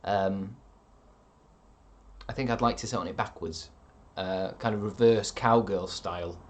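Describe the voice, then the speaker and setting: A man's voice: fairly low pitch, steady tone, a little slow, a little hiss or hum. A man streaming live, reading out chat with rambling dry jokes and lots of ums.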